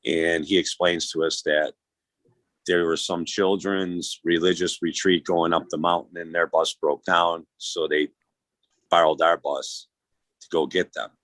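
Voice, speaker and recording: Casual male storyteller, low-pitched, loose and profane, acts out quotes. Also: steady tone, unhurried, fairly bright tone, no room sound, low-quality recording.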